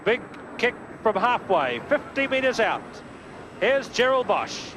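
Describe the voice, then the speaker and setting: A man giving brisk live rugby play-by-play commentary, lifting his voice on big plays, from a worn old videotape broadcast. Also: extremely high pitch, very animated. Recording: worn old VHS broadcast with crowd noise.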